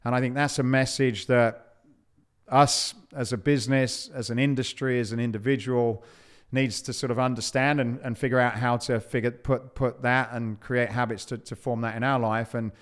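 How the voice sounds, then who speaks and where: Male podcast host, smooth voice, thoughtful monologue, stumbles and restarts. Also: mid-range voice, little pitch movement. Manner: halting, repeats words.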